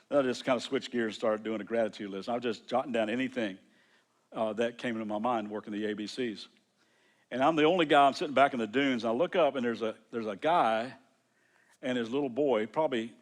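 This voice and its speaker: A middle-aged man from the United States preaches as a pastor, speaking in an everyday, conversational tone. He stumbles and restarts often as he recounts a personal story. His voice sits in an ordinary, middle pitch. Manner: conversational, halting with frequent restarts. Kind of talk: sermon storytelling.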